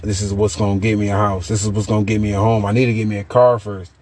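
A young man, a podcast host telling profane, animated stories with loose repetitions. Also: lowish voice, fast, a little hiss or hum. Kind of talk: casual chat.

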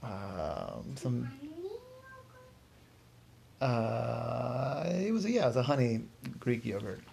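Casual male storyteller, gravelly, meandering and unscripted. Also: mid-range voice, big pitch swings, takes it slowly, darkish tone, slight background noise. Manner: rambling, filler-heavy.

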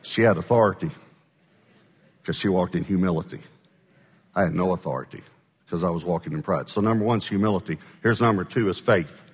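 A man's voice: low voice, fairly quick, long pauses, husky, big-room sound. A male pastor telling a story in a sermon, talking conversationally and often checking in with his listeners.

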